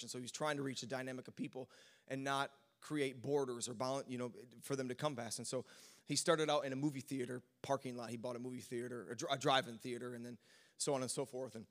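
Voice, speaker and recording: A man pastor speaking to a congregation in a sermon, telling a personal story with frequent stammers and restarts. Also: medium pitch. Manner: preaching climax, shouting and sing-song, then relaxed storytelling with stammers.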